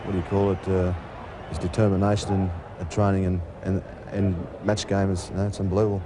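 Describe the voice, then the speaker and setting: A man's voice: low-pitched, completely flat delivery, fast talker. A man groping for words as he praises a teammate in an interview outdoors. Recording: distant mic, outdoor traffic noise.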